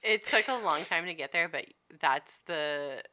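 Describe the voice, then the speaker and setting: A woman's voice: low voice, expressive, unhurried, pushed and bright. A woman co-hosting a podcast, chatting casually in a playful, giggly way. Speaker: podcast co-host. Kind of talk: casual chat.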